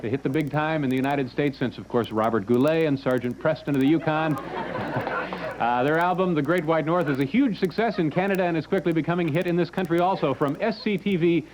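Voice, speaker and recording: A man hosting a talk show, with a dry, halting delivery full of small uhs. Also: fairly high pitch, background noise. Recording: old broadcast tape with studio audience.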